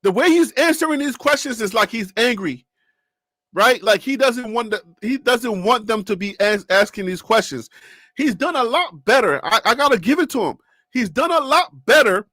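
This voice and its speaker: A man hosting a live sports reaction stream, animated and joking as he talks. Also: very high voice, no room sound, studio quality. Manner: animated, joking, repeats himself.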